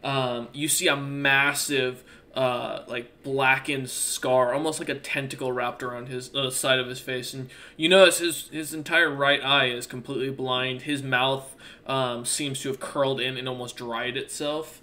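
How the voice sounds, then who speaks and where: A man's voice: mid-range voice, steady tone, unhurried, pushed and bright. A man narrating a tabletop game as game master in a loose, casual way with lots of fillers.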